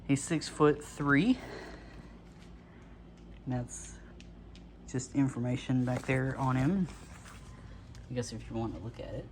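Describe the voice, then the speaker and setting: A man's voice: mid-range voice, slow, long pauses, slight background noise. Breathless man chatting through an unboxing. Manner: rambling, filler-heavy, chuckling often. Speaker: vlogger. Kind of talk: casual unboxing chat.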